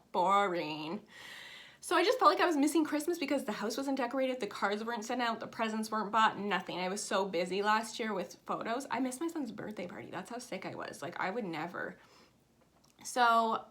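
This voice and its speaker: A woman's voice: medium pitch, fairly bright tone. A woman in her thirties chatting casually to camera at home, telling a personal story with lots of emotion. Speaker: flosstube vlogger. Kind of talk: casual chat.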